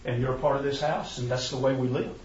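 A man's voice: mid-range voice, steady tone, fast talker, darkish tone, a little hiss or hum. A man preaching a sermon to parents in a folksy, conversational storytelling manner. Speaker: preacher teaching a parenting class. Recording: echoey room, distant mic, muffled.

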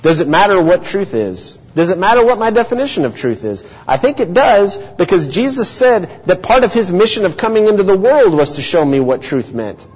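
A man's voice: sits high, big pitch swings, fairly quick, hardly any pauses, a little mellow, husky. A man preaching a sermon, teaching earnestly and asking rhetorical questions. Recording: dull lo-fi audio with long hall reverb.

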